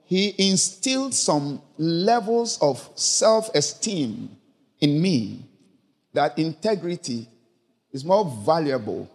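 A man with a fairly high voice preaches a sermon, quoting scripture between questions to his congregation. His words ring out with a long reverb, as from a large church hall.

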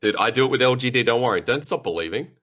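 A man's voice: mid-range voice, expressive, rapid-fire, a bit bright. A male esports caster in a casual panel discussion, chatty and joking with lots of filler words.

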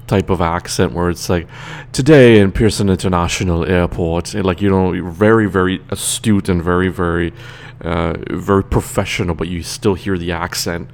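Deep-voiced Trinidadian man, tired and rambling. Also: slight background noise. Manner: chatty, loose, laughs between remarks. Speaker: radio show host. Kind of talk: casual rambling monologue.

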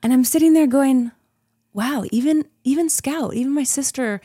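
A woman's voice: high voice, normal speed, dark tone, dry recording, studio quality. A woman in her thirties, a podcast guest, chatting casually and telling a story with frequent laughs. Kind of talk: casual interview chat.

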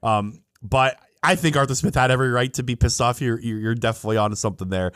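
A man co-hosts a sports podcast in a loose, chatty way, laughing easily and cutting in on his partner. His voice sits at a middle pitch and is recorded dry and close, with no room sound. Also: fast talker, no room sound. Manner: animated, laughs often, talks over his co-host. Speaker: podcast co-host. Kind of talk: casual sports talk.

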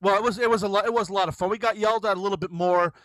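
A man's voice: high-pitched, fairly even intonation, very fast, a bit bright, dry recording. A middle-aged father telling a rambling golf story in casual chat, restarting sentences and laughing.

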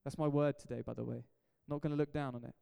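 A man's voice: medium pitch, steady tone, quick pace, creaky, warm tone, smooth. A man, a pastor preaching an emphatic, jokey sermon in a church hall. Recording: echoey hall reverb.

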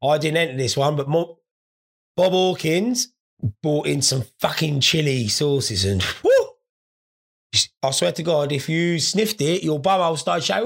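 A man's voice: a little high, animated, a little slow, creaky. A stoned man hosting a podcast, telling crude, sweary, rambling stories in a casual monologue. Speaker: podcast host.

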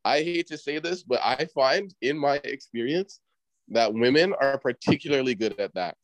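A man's voice: medium pitch, animated, moderate pace, no echo, rough recording. A man in casual chat, giving rambling advice with heavy slang and swearing.

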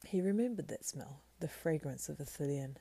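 Hushed, gravelly woman reading a fantasy tale. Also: sits low, animated, dry recording. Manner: slow, hushed, breathy, unhurried. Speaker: reader. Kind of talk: soft, partly whispered fantasy book reading.

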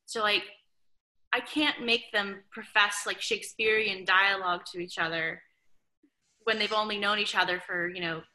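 A woman's voice: medium pitch, normal speed, poor audio. A young adult woman, an author guest on a podcast, talking casually and animatedly with many "like"s and "um"s. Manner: chatty, animated, frequent "like" and "um".

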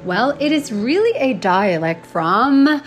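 A woman's voice: fairly high pitch, big pitch swings, slow pace, faint music behind. An American woman with a Northeast accent, teaching an unscripted English lesson in a chatty way and often checking in with listeners. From United States. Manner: chatty, checks in with "okay?" and "right?".

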